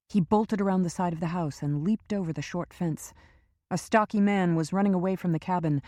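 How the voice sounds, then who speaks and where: Low-pitched woman reading a thriller, steady and measured, dry booth sound. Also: no echo. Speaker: audiobook narrator. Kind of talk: scripted narration.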